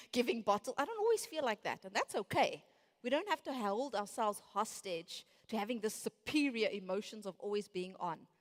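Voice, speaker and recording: Woman, late thirties, animated storyteller, higher pitch, reverberant hall. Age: 30s. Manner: animated storyteller acting out inner voices. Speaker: conference speaker. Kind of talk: motivational keynote talk. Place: large conference hall.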